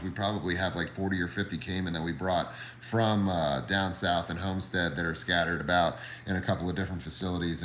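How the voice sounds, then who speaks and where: A man's voice: fairly low pitch, a bit bright, reverberant. A man casually chatting on a livestream and reading viewer comments, laid-back, profane and friendly. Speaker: livestream host and reptile keeper.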